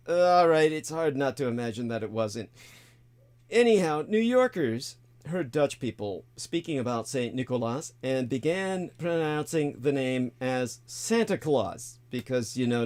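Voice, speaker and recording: A man's voice: medium pitch, darkish tone. A man hosting a livestream, talking in a casual, digressive monologue full of crude jokes and asides. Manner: irreverent, jokey, crude asides; loose and digressive, many fillers. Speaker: livestream host.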